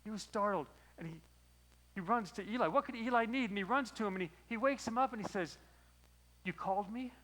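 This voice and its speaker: A man as pastor preaching a sermon, retelling a story in a lively, storytelling way. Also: high voice, fast talker, rough recording.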